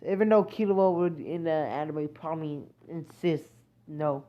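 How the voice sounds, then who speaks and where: A woman's voice: deep voice, moderate pace. A woman improvising a fan-fiction story, rambling and hesitant, correcting herself often. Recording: dull lo-fi recording.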